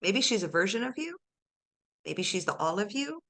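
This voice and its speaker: A woman's voice: mid-range voice, sing-song, normal speed, fairly bright tone. A woman life coach guiding a private session with direct, probing questions.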